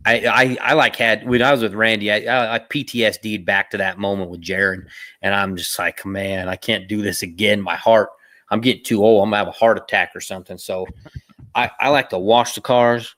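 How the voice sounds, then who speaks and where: A man's voice: fairly low pitch, a little fast. A middle-aged man co-hosting a podcast, telling a story in casual chat. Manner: storytelling, animated retelling. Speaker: podcast co-host.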